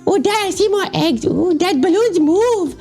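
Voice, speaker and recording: A needy little radish son in a game voice-over, put on by the player, whining and pleading for his dad. The voice sits extremely high and leaps about wildly in pitch. Faint music plays underneath. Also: expressive, moderate pace. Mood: whiny pleading. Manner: whiny, pleading, often shouting "Dad". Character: clingy little radish son, whiny and dramatic.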